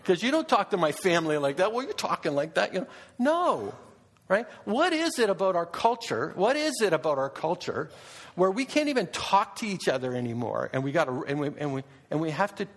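A man giving a public talk to an audience, animated, full of rhetorical questions and restarts. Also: high-pitched, normal speed. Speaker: speaker addressing an audience.

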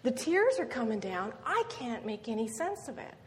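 A middle-aged woman, a guest seminar speaker, earnestly tells a personal story full of ums and tag questions. Her voice is slightly high and very animated at a normal speed, recorded in a reverberant hall with faint noise.

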